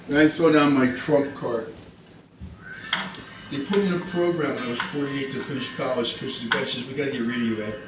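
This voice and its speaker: A man's voice: mid-range voice, brisk, very noisy. A tired older man from New Jersey, rambling and joking in a vlog monologue. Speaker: vlogger. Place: grocery store cafe. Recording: roomy, distant phone mic, loud music.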